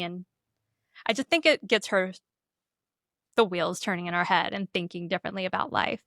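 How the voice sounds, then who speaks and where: A young woman with a fairly low-pitched, slightly bright voice co-hosts a podcast, talking at normal speed with long pauses. She recaps a film casually and animatedly, acting out characters' lines. The audio is studio quality with no room sound.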